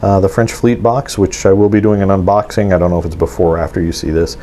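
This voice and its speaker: A man's voice: low voice, level tone, quick pace, mellow. A man hosting a miniatures hobby channel, talking through his models in a casual show-and-tell vlog, rambling with many ums and restarts.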